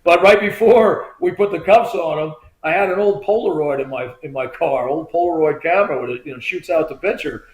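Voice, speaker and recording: A man with a somewhat high voice tells a long story as a guest, animated and chatty, slipping into the voices of the people he quotes. The room gives his voice a noticeable echo. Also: fairly quick, hardly any pauses. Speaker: guest, former state trooper. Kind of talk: casual storytelling interview.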